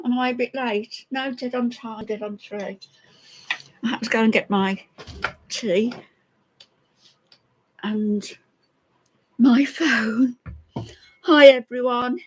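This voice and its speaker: Slow-talking woman chatting on a live stream. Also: on the high side. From from an Irish family. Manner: chatty, greets viewers by name. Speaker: commentary channel host. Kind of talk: casual live-stream chat.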